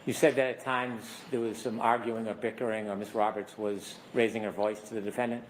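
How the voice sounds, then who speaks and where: A man acting as prosecutor in a courtroom, asking measured, methodical questions. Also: fairly low pitch, flat delivery, slight background noise, rough recording.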